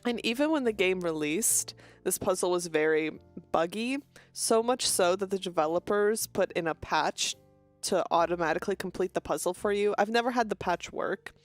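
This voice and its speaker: Fast-talking young woman streamer. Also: mid-range voice, no room sound, faint music behind. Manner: fast-talking, bubbly, frequent laughs. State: stuffy nose. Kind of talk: casual stream chat greeting viewers.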